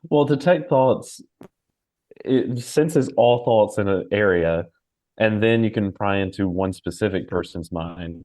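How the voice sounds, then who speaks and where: A man's voice: lowish voice, unhurried, a little mellow. A man playing in a tabletop role-playing session, explaining the rules in a matter-of-fact way. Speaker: player. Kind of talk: casual tabletop game talk.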